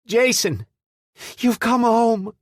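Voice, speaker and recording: A man's voice: a little high, moderate pace, no echo, studio quality, pitched above the performer's own voice, close to an everyday voice. A man voicing a stern but loving middle-aged mother who scolds firmly. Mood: joyful. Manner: scolding, firm.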